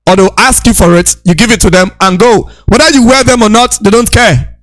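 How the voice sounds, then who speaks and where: A man with a very high voice lectures with fervor, hammering the same points again and again and often raising his voice to a shout. The sound is dry, with no room around it. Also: fairly quick, no echo. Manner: preachy, repetitive, shouting rebukes. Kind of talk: impassioned lecture.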